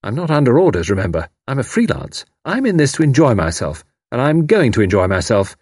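A man reading an audiobook, voicing a lively, mischievous young woman spy who talks in a breezy, self-assured way. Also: mid-range voice, fairly quick, husky, dry recording, studio quality, voice pushed up. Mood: playful.

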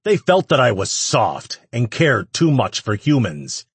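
Guy putting on a loud angry demon lord, husky snarl, dry close sound. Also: medium pitch, very animated, takes it slowly, dry recording, voice pushed up, heavily acted. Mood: commanding. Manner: loud, growling threats. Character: furious young male demon lord, commanding. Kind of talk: audiobook character voice.

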